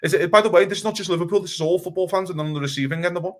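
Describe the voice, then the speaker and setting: Fast-talking heated man ranting. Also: high-pitched. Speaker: podcast co-host. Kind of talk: casual football chat.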